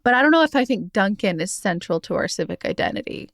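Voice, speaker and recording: A woman's voice: mid-range voice, expressive, fast talker, fairly bright tone, dry recording, clean studio sound. A woman hosting a local podcast, chatting casually with guests and laughing often. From Pittsburgh. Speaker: podcast host. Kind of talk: casual chat and ad reads.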